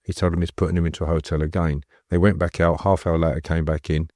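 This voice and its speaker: A middle-aged man, a guest on a casual storytelling interview, talks fast in a low, level, slightly mellow voice. He rambles from anecdote to anecdote, laughing as he goes, and the studio-quality sound has no echo.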